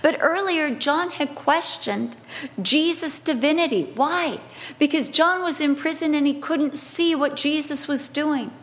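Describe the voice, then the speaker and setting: A woman preacher delivering a sermon, expressive and emphatic, with humorous conversational asides. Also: high-pitched, unhurried. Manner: expressive, swings between emphatic and hushed delivery.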